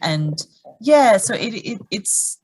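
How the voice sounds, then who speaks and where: A woman's voice: medium pitch, sing-song, slow pace, darkish tone, slightly rough. A woman, a guest actor and producer, chatting in a bubbly way and laughing easily. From Australia. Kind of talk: casual conversation.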